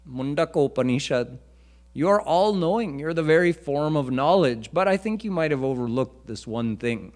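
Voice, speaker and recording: A man's voice: fairly high pitch, lively intonation, moderate pace, darkish tone. A man preaching a devotional lecture in a temple, teaching earnestly and chanting Sanskrit verses. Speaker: swami preacher. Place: temple hall.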